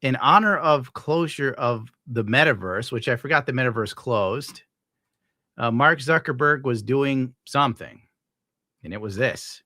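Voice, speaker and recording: A man reacts to clips in casual, crude commentary, laughing often and slipping into mock voices. His voice is bright and forward. It sounds dry and close to the mic. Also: mid-range voice, measured pace, no room sound. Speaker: streamer host.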